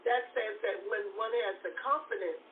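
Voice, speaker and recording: A woman's voice: mid-range voice, moderate pace. A woman hosting a talk show as a therapist, speaking emphatically, repeating herself and often asking if you follow. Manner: emphatic and repetitive, often asks "you know what I'm saying". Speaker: host and therapist. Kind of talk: conversational talk show discussion. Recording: phone-like audio from far off with faint noise.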